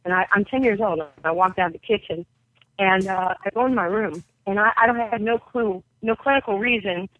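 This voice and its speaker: This basketball coach from New York, appearing as a podcast guest, has a mid-range voice with no room sound. In the interview she tells personal stories vividly, mimicking the people she quotes, and the audio comes through a tinny, dry phone line.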